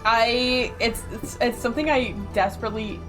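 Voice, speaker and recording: A woman's voice: on the high side, normal speed, music in the background. Chatty woman with a Yooper accent. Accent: Upper Michigan (Yooper). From Upper Michigan, USA. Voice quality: rounded words with soft consonants. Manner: chatty and rambling, laughs often. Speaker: streamer. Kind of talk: casual chat while gaming. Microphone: close desk mic.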